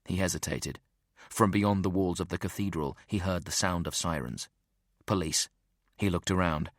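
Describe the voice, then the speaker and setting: Male audiobook narrator, deep and measured, dry close recording. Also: dry recording. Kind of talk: scripted narration.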